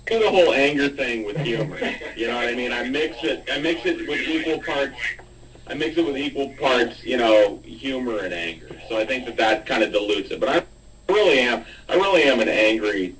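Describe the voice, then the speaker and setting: A man's voice: medium pitch, animated, brisk, distant mic, crowd noise, rough recording. A man in casual, heated group chat who swears freely and mocks himself bluntly. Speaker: chat room participant.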